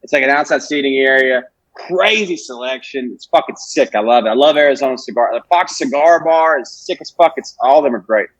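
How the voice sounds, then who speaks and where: A man's voice: medium pitch, brisk, dry recording, lo-fi sound. A young man, a podcast guest, rambling through stories in casual, profane talk full of "like". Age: 20s. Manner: rambling, profane, heavy use of "like". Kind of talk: casual chat.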